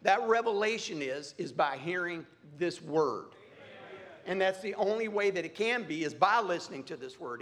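Fervent high-voiced male preacher. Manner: preaching with rising fervor, repetitive emphatic phrasing. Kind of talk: sermon.

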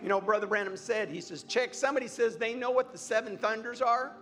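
A man's voice: very high-pitched, fairly quick, fairly bright tone, faint music behind. A man preaching a sermon, repeating phrases emphatically and building to fervent cries. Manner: preaching with rising fervor, repetitive emphatic phrasing.

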